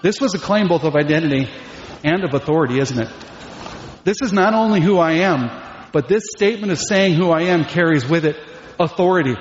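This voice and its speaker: A man's voice: fairly high pitch, fairly quick. A man preaching a sermon as pastor, emphatic and full of rhetorical questions. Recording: echoey hall, dull lo-fi sound.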